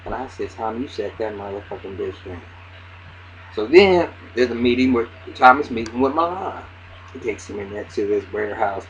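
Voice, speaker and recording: A man's voice: lowish voice, normal speed. A man giving a casual, profane recap of a TV episode, acting out the characters' lines with lots of restarts. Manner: excitable, acts out character lines, heavy cursing, many restarts. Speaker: TV recap reviewer. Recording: dull lo-fi audio with faint hiss.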